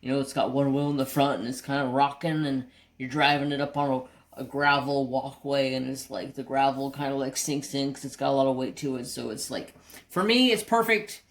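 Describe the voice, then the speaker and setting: A woman hosting a craft channel, telling a rambling, animated story with mild cursing. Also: extremely low pitch, a little fast. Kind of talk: casual storytelling while crafting.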